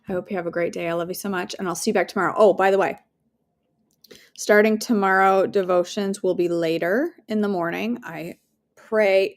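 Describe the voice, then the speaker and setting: Woman, devotional host, earnest, conversational, mid-pitched, gravelly, prayer. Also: steady tone, a little fast. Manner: warm, earnest, conversational, with fillers and asides.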